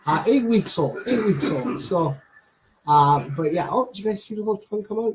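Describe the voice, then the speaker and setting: A man on a casual livestream, talking about and cooing softly to a baby pet lizard, with many fillers. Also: high voice, expressive, moderate pace, rough recording. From Canada. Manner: chatty, many fillers, coos softly at the animal. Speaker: streamer showing a pet lizard.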